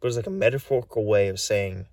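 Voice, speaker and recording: Male vlogger, weary and short of breath, low and gravelly, halting speech with many restarts. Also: a little mellow, no room sound, distant mic. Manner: halting, full of restarts and repeats. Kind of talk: rambling recorded monologue.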